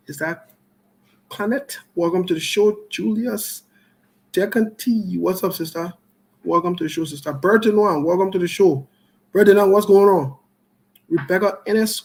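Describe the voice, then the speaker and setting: A man's voice: high voice, rough recording. A man hosting a call-in talk show, greeting callers one by one and then turning to political commentary. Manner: greets callers by name in a steady string, joking asides; slow, deliberate delivery.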